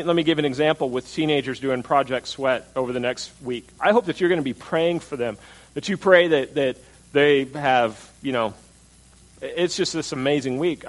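A man's voice: on the high side, low-quality recording. A man preaching a sermon in a conversational style, asking the congregation questions and acting out attitudes in mocking voices. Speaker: pastor.

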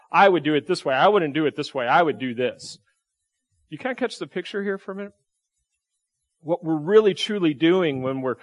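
A pastor with a drawl preaches in an easygoing, chatty way, checking in with his listeners with quick questions. His voice sits a bit high for a man, and he keeps it lively. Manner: conversational, asks the congregation questions, animated. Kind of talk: sermon.

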